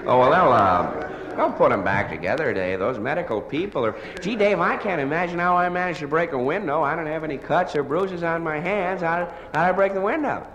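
In this live hall recording, thick with echo and ambient noise and somewhat dull in audio quality, a comedian performs a one-sided comic phone call as a stammering hungover man. His voice is a little high and bright, expressive and fairly quick. He hesitates constantly, filling gaps with uhs and restarts, sheepish and apologetic throughout.

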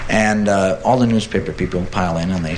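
A man telling a comic story in a relaxed, meandering way, with fillers. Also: deep voice, quick pace, roomy sound, a little hiss or hum, rough recording. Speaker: comedian. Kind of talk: storytelling bit.

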